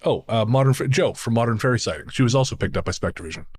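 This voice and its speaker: A man's voice: medium pitch, lively intonation, a little mellow, slightly rough. A man co-hosting a podcast in loose, casual chat. He rambles through his stories, restarts his sentences and pokes fun at himself, often breaking into laughter. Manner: rambling, self-deprecating, quick to laugh. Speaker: podcast co-host.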